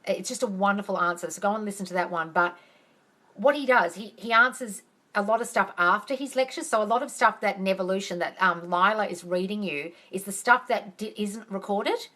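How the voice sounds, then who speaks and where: A woman coaching on manifesting, telling stories in a chatty, animated way on a phone livestream. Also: mid-range voice, fairly quick. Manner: chatty, animated storyteller who acts out quotes. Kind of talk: casual livestream storytelling.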